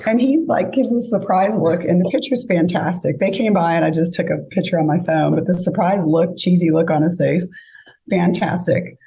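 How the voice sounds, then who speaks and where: A woman's voice: fairly low pitch, normal speed, gravelly, warm tone. A woman telling a dating story in casual chat, acting out both sides of each exchange. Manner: chatty, acts out both sides of conversations. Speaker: guest storyteller.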